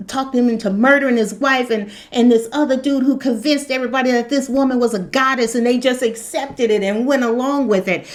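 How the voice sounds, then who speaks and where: A woman with a fairly high voice talks through a spoken commentary. She is impassioned and keeps pressing rhetorical questions. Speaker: spiritual commentator.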